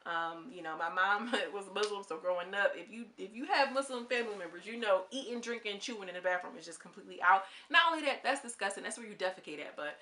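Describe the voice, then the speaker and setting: A woman's voice: medium pitch, fast talker, few pauses, sharp tone. A young woman giving a candid, slangy, opinionated review of a reality show in a casual vlog.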